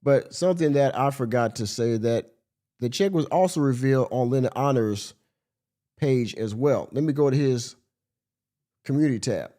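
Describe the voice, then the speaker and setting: A man's voice: medium pitch, moderate pace, warm tone. A male podcast host giving blunt, exasperated commentary on a livestream and swearing freely.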